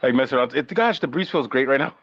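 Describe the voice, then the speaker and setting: A man's voice: medium pitch, big pitch swings, normal speed, fairly bright tone, slightly rough, no echo. A man in casual banter, drowsy and drugged after a hospital stay, giggling and rambling. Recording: dull lo-fi sound.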